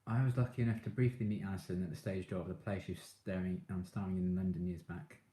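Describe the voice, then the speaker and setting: Low-voiced man chatting on a live stream. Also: steady tone, fast, mellow, roomy sound. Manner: chatty, gushing fan, laughs often. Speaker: live streamer reading chat. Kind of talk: casual live-stream chat.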